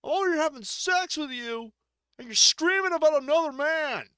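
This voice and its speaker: A streamer voices an exasperated game man who snaps in irritation. The voice is pushed well above the performer's usual pitch, sharp and annoyed. It sounds dry and close. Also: sing-song, measured pace, dry recording, full character voice. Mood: irritated. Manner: annoyed, snapping.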